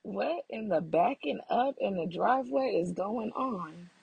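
This woman has a medium-pitched, creaky, slightly rough voice and speaks a little slowly, the sound lo-fi with no echo. She hosts her podcast from the car as she drives, recording on a phone, chatting animatedly and calling her listeners y'all.

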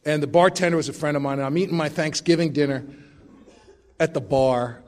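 A man's voice: fairly high pitch, fairly even intonation, brisk. A middle-aged man sharing his recovery story at a meeting, with wry, self-mocking humor.

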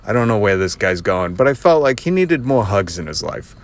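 While driving, a podcast host with kids recounts an offhand story full of sarcasm and regular laughter. His fairly low voice has a sing-song lilt and a fairly quick tempo.

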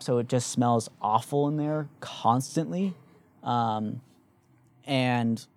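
A young man spins an everyday story in a casual chat. He talks with animated energy and drops plenty of swear words. His voice sits at a middle pitch and the sound is dry. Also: no room sound.

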